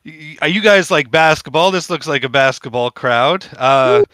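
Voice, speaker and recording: A man's voice: a little high, moderate pace, a bit bright, no room sound. A man performing a mock stand-up routine on a podcast, delivering corny punchlines after rambling setups.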